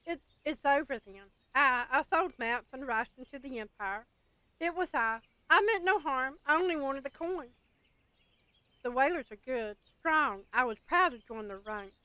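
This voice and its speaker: A woman's voice: sits high, animated, pushed and bright, no room sound. A woman reading out a guilty turncoat confessing. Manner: reading game dialogue aloud with halting stammers.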